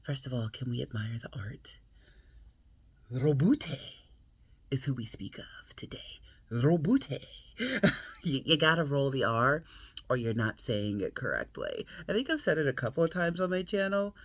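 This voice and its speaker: Animated, husky-voiced American woman chatting. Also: rumbling low, moderate pace, no echo. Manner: playful, chatty, laughs often. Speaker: book channel host. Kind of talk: casual vlog chat.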